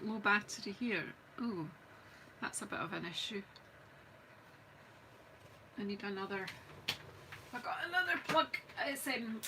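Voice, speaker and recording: A woman's voice: mid-range voice, noisy background. A middle-aged Scottish woman chatting casually as she demonstrates card making on a live stream, talking to viewers while she works and teasing herself. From Scotland. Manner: chatty, self-mocking, talks while working. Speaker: craft demonstrator. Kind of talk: live-streamed crafting chat.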